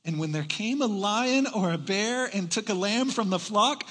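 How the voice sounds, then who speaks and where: Bright high-voiced pastor guy preaching, lively and jokey, long echo of a church hall behind him. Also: normal speed. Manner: animated, joking with the congregation. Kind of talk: sermon.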